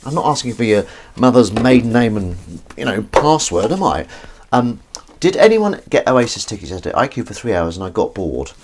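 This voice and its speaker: A man's voice: mid-range voice, very animated, fairly quick. A man hosting a live stream, chatting casually and rambling to viewers while washing up in his kitchen. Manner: rambling, self-correcting, chatty asides to viewers. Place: home kitchen. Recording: loud sink and kitchen noise.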